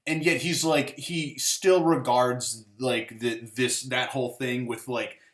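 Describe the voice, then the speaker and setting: A man's voice: mid-range voice, steady tone, slow, a bit bright. A man hosting a casual movie review show, rambling and sarcastic, with lots of "like" and swearing. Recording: roomy echo.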